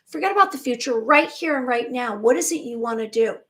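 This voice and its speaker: High-voiced woman hosting a live stream. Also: lively intonation, a little fast, fairly bright tone. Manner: emphatic, chatty, restarts words. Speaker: spiritual channel host.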